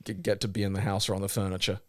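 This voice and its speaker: A man's voice: on the low side, racing, no echo, studio quality. Sweary rambling Australian man. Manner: sweary, rambling, animated storytelling. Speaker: podcast co-host. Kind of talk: casual chat.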